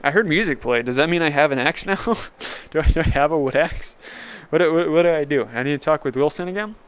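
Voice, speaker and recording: A man's voice: fairly high pitch, fast, smooth. A young man streaming a video game, rambling casually, laughing often and mocking himself. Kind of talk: casual gaming commentary.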